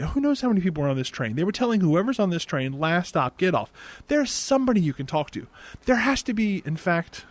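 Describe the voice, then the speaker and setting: A young man recapping a movie in a sarcastic, exasperated comedic rant into a desk microphone on a boom arm, swearing now and then. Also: no echo. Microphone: desk mic on a boom arm.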